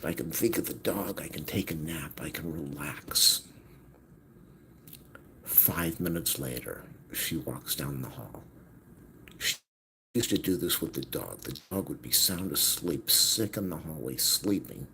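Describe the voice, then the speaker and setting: A middle-aged man with an extremely low, deep voice pours out a bitter personal monologue. He swings between hushed, weary mutters and sudden agitated outbursts. A faint hiss sits under his voice. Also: expressive, a little slow. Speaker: vlogger. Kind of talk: venting monologue.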